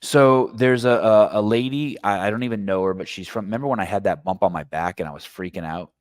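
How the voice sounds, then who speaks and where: Podcast host, middle-aged man, very low voice, dry close sound, rambling storyteller. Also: fast talker, dry recording. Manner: rambling storytelling, swears casually. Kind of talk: casual chat.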